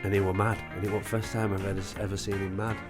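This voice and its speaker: A man's voice: on the low side, very fast, music in the background. A man, a former goalkeeper telling a sweary, laughing anecdote. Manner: loud, animated, sweary, laughing storyteller.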